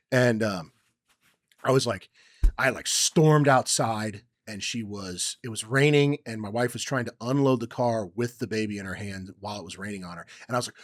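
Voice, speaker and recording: A young man with a lowish voice tells a story on a podcast, rambling and full of ums. He jumps into loud quoted lines now and then. The sound is dry and close. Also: normal speed, dry recording. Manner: rambling, many ums, acts out quotes loudly. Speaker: podcast co-host. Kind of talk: casual chat, personal story.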